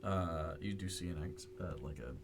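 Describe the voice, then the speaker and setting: A man's voice: sits low, normal speed, faint music behind. A man narrating as game master, rambling with many fillers while he describes the scene.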